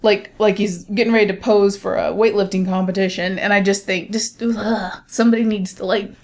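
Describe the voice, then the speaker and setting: A woman co-hosting a casual movie review chat, animated and candid, often trailing off mid-sentence. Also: mid-range voice, fairly quick. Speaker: podcast co-host.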